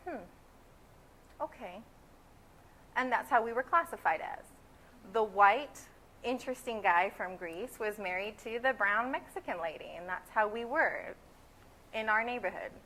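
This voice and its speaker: A woman in her twenties from California answers interview questions earnestly, stating firm opinions. Her voice sits at an ordinary middle pitch. A faint hiss of room ambience runs underneath. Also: animated, moderate pace, a bit bright, poor audio. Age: 20s. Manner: earnest and opinionated, building emphasis. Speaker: graduate student interviewee.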